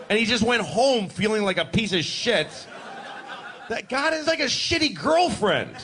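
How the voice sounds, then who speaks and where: A man performing a stand-up comedy routine in front of a live audience, animated and acting out characters as he goes. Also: high-pitched, moderate pace, some chatter behind, slight background noise. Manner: animated, acts out characters in voices. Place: large venue with a live audience.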